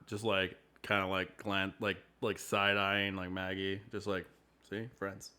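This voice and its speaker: A man's voice: sits low, level tone, a little slow, sharp tone, smooth. A man playing in a tabletop game, chatting and joking, laughing often. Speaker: player. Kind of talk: casual tabletop game banter.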